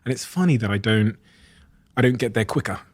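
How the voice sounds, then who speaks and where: A man hosting a podcast, speaking in a thoughtful, slightly halting way. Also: lowish voice, lively intonation, no room sound. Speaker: podcast host. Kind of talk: casual podcast conversation.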